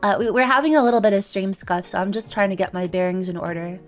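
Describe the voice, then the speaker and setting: A woman's voice: medium pitch, fast. Chatty, playful young woman streamer. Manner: chatty and playful, rambling with restarts. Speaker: VTuber streamer. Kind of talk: casual livestream chat with viewers. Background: faint background music.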